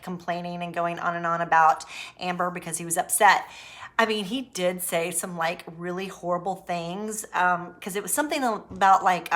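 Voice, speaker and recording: Woman vlogger, bright tone, earnest and meandering personal commentary. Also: mid-range voice. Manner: earnest, rambling, reflective. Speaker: narcissistic abuse recovery channel host.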